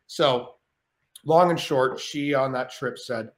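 A man telling a story as a podcast guest, animated and rambling, with plenty of swearing. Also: mid-range voice, slow pace, reverberant. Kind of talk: casual storytelling.

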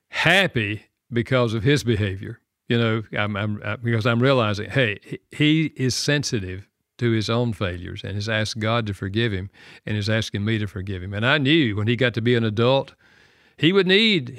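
An older man, a radio show guest, tells a personal story earnestly and reflectively, laughing softly now and then. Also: medium pitch, no echo, studio quality.

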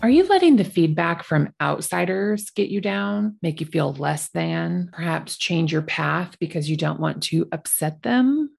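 A woman hosting a solo podcast, telling stories in a chatty, animated way with laughs. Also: fairly low pitch, measured pace, creaky, few pauses, husky, faint music behind. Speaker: podcast host.

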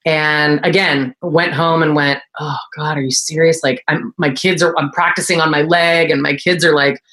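A woman esthetician in her forties, telling her story in a casual interview and acting out quoted voices. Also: moderate pace. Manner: animated, acts out quoted voices in a high pitch. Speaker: guest, esthetician and entrepreneur.

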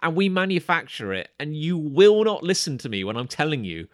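Male podcast co-host, lively storyteller with a very animated pitch, dry close sound, stammers and restarts as he goes. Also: fairly quick, no room sound. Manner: rambling anecdote with stammered restarts and acted quotes. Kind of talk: casual chat, storytelling.

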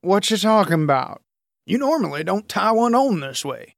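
A man's voice: high-pitched, big pitch swings, normal speed, gravelly, no echo, studio quality, voice pushed up, exaggerated voice. A man voicing a drunk, embarrassed young man in an audiobook. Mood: tipsy. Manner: slurred.

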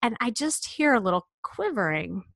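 A middle-aged woman, a personal stylist, telling a story about a client in a lively way, acting out the dialogue. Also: a little high, normal speed, creaky, dry recording. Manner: lively, acts out dialogue in quotes.

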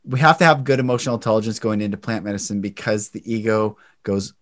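A man's voice: fairly low pitch, quick pace, a bit bright, no room sound, studio quality. A man hosting a conversational interview, earnest and telling a story. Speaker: podcast host.

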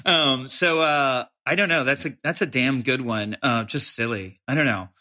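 A man's voice: mid-range voice, normal speed, sharp tone. A man from Los Angeles, a film director guest, chatting in a rambling, hesitant way with lots of restarts. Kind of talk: casual interview chat.

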